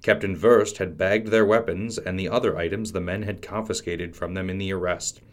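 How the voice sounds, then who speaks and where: A man hosting a podcast, reading a fantasy storybook aloud in a measured, dramatic way. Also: low-pitched, steady tone. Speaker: podcast host and storybook narrator. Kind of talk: scripted storybook narration.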